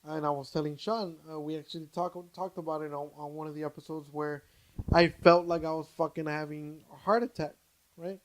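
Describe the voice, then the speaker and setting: A young adult man, a podcast co-host, in loose casual storytelling. His voice sits a touch high for a man, and he keeps swearing, stalling on "uh" and restarting his sentences. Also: a little fast. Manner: animated, swears freely, many restarts and fillers.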